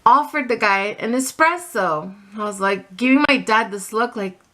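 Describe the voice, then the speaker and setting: A middle-aged woman telling a personal story on her vlog, animated and a little flustered, with many restarts. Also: on the high side, normal speed. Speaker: vlogger.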